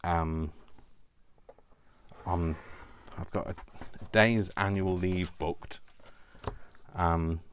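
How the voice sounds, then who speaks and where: Man host, very deep voice, casual rambling crafting walkthrough at home. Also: fairly even intonation, extremely slow, pauses often, a little hiss or hum. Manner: chatty, rambling asides, self-correcting. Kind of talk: casual step-by-step tutorial.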